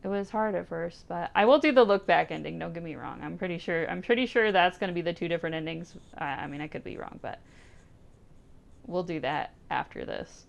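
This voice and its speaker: A woman's voice: lowish voice, lively intonation, brisk, vocal fry. A woman hosting a gaming channel, giving emotional, chatty commentary on a game playthrough. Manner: emotional, chatty, laughs and sighs.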